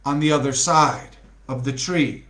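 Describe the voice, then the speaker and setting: A man's voice: medium pitch, a little slow, a bit bright. A man reading a storybook aloud, breaking off into chatty asides to his listeners. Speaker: storybook reader. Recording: echoey room.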